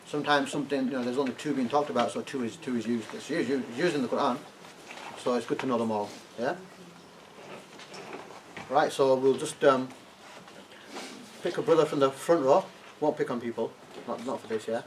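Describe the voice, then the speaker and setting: A man's voice: mid-range voice, moderate pace, long pauses. Man teaching a class, recorded from afar. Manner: checks in with "yeah?" often, prompts students to translate. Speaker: Arabic teacher. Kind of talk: classroom lesson. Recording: distant classroom recording, faint noise.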